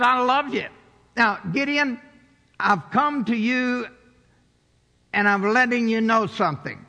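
A middle-aged pastor preaches in a high, bright, gravelly voice, taking his time and leaning hard on each line of scripture. He swings between loud emphasis and hushed asides, and his voice rings out in the long reverb of a large church hall. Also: very animated, slow. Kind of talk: sermon.

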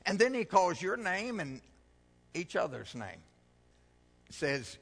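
A middle-aged man preaching a sermon, emphatic with big swings in pitch and loudness, telling a folksy joke along the way. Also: lively intonation, unhurried, creaky, long pauses, slightly rough, in a large hall. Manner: folksy storytelling.

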